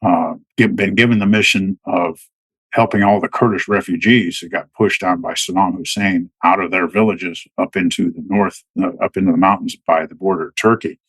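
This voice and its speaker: A man's voice: deep voice, fairly even intonation, moderate pace, fairly bright tone, slightly rough, dry recording, poor audio. A middle-aged man, a military veteran, telling stories as a podcast guest in a rambling way, full of restarts and fillers. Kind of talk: casual storytelling.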